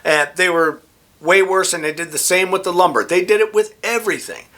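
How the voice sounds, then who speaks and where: A middle-aged man telling rambling, animated stories in a casual vlog. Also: high-pitched, fairly quick. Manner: rambling, animated anecdotes with frequent restarts. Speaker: vlogger. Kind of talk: casual storytelling.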